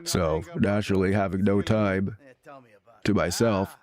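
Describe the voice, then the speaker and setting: A man's voice: deep voice, fairly even intonation, a little slow, a little mellow. A man streaming a game and telling stories in a loose, rambling way, full of filler words and laughs. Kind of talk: casual storytelling chat.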